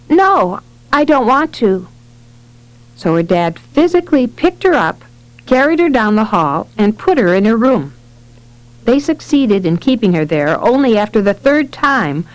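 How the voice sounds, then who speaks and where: A woman narrating a nonfiction parenting book in a steady, expressive reading voice. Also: medium pitch, poor audio. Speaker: audiobook narrator.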